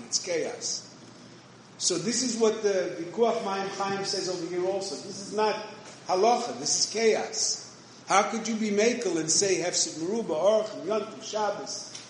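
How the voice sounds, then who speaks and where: A man giving a conversational Torah lecture, full of restarts and Hebrew and Yiddish terms. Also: high-pitched. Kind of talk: yeshivish Torah shiur. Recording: very echoey room, faint noise.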